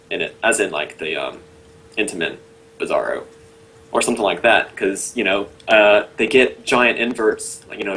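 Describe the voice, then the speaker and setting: A man's voice: fairly low pitch, a bit bright, a little hiss or hum, rough recording. A man co-hosting a casual webcast over a call. He rambles with lots of fillers and laughs easily. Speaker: webcast co-host.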